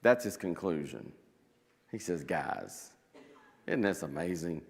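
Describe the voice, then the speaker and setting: Animated male Bible teacher, conversational, acts out verses; lively pitch, long church reverb. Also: slow pace, gravelly, slightly rough. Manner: animated, acting out scripture quotes with chuckles.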